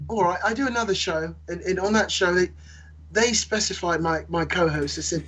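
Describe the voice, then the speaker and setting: A man's voice: sits high, moderate pace, pushed and bright, breathy edge, poor audio. A man chatting on a podcast, jokingly hamming it up in a mock British accent. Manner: jokey, hammy, puts on a mock British accent. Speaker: podcast guest host. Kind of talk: casual podcast chat.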